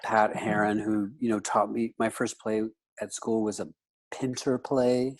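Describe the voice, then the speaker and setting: Low-voiced rambling man. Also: little pitch movement, a little slow. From United States. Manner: rambling, with frequent "you know" fillers. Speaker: guest. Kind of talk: casual interview chat.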